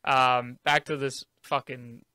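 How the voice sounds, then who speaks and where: A man co-hosting a casual movie podcast, animated and laughing easily as he tells anecdotes. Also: mid-range voice, takes it slowly, smooth, no room sound. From United States. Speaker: podcast co-host. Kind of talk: casual chat.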